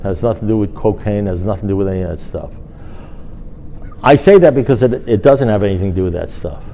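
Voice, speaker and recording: A middle-aged man speaking at a recovery meeting, telling a rambling, animated personal story and acting out the dialogue. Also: lowish voice, fast talker, slight background noise.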